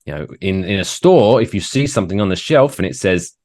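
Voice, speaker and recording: A British man chats as a podcast guest, his voice deep but swinging widely in pitch. He tells his gripes with animated, grumbling energy. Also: fairly quick, dry recording. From United Kingdom. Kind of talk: casual chat.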